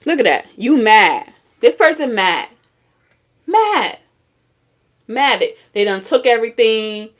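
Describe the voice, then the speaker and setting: A woman's voice: a little high, lively intonation, moderate pace, hardly any pauses. Blunt, profane woman giving a tarot reading. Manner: blunt, profane, scolding street talk with sudden laughs and singing. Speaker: tarot reader.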